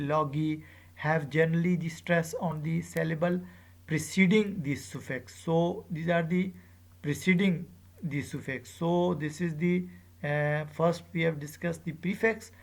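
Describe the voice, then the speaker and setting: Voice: mid-range voice, fairly even intonation, vocal fry. An English teacher giving a pronunciation lecture, saying each example word twice and spelling out word endings letter by letter. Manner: says each example word aloud two or three times; deliberate, with spelled-out letters and frequent "uh".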